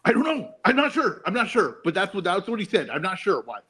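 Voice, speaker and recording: Man, boxing podcast co-host, higher voice, teasing, animated. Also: fast, slightly rough. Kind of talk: casual chat.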